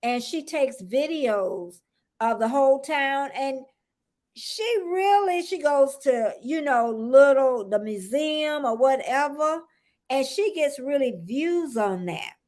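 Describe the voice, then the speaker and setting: A high-pitched woman from the United States chats through a casual live stream. She wanders from topic to topic and greets viewers by name. Laughter comes easily to her. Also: expressive, takes it slowly, a little mellow. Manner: laughs often. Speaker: livestream host.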